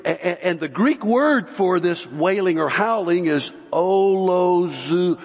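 A male pastor preaching a sermon, slow and emphatic, with long pauses between phrases. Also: high-pitched, lively intonation, husky. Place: church sanctuary. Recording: dull, lo-fi recording with long hall reverb.

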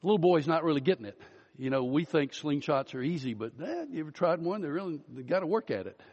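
A man's voice: on the high side, expressive, darkish tone, husky. Man preaching in a reverberant church. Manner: storytelling, slows down and rises for emphasis. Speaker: pastor. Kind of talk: Easter sermon. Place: church sanctuary. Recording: dull audio with long hall reverb.

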